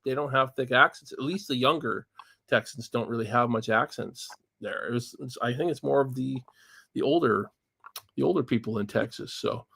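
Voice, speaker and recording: A man's voice: medium pitch, moderate pace, creaky, fairly bright tone, slightly rough, no room sound. Rambling, chuckling Canadian man host. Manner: rambling, chuckling, many restarts. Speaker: podcast host. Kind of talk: casual livestream chat.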